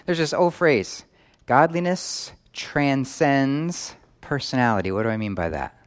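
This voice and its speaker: The sermon comes from a pastor at a church in New York whose medium-pitched voice is expressive and a little slow. He asks his listeners one question after another.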